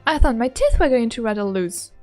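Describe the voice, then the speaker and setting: A woman's voice: on the high side, expressive, fairly quick, dark tone, faint music behind, voice pushed down, natural voice. A woman reading the lines of a cheerful, polite young female assistant from a game in her own voice. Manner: reading game dialogue aloud plainly.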